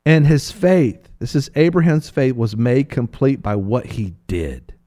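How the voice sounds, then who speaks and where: A man teaching from the Bible in a preaching talk, animated and playful, acting out voices of biblical figures. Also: mid-range voice, measured pace.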